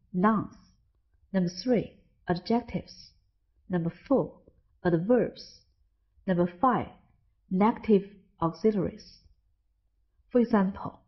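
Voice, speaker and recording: A woman narrating a scripted English lesson, reading word lists in a slow, deliberate way. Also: medium pitch. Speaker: English teacher. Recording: dull lo-fi audio.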